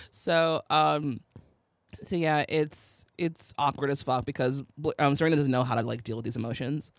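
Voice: medium pitch, moderate pace, no echo. Laughing young podcast co-host, dry sound. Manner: animated, laughs often while recapping. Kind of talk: casual chat.

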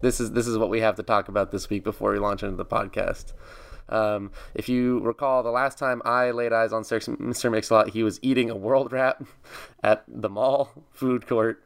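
A man's voice: on the low side, steady tone, moderate pace, gravelly. A man co-hosting a podcast in casual chat from an apartment on a small desktop mic, his voice a bit scratchy today, joking loosely. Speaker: podcast co-host. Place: apartment room. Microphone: small desktop USB microphone.

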